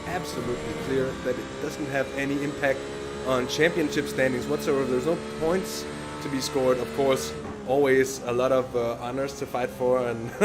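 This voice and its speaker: A man doing live sim racing co-commentary, measured and hesitant, with many fillers. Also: medium pitch.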